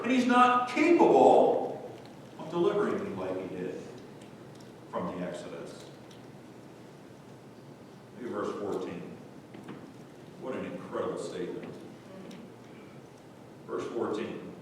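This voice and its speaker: A man's voice: very animated, a little slow, long pauses. A male pastor preaching a sermon with fervent rhetorical questions, recorded live in a church sanctuary from a distant mic. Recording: echoey church hall from far off, faint rumble.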